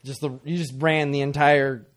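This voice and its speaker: A man's voice: fairly high pitch, level tone, moderate pace. A young man chatting casually, telling a wry, self-deprecating story. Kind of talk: casual podcast chat.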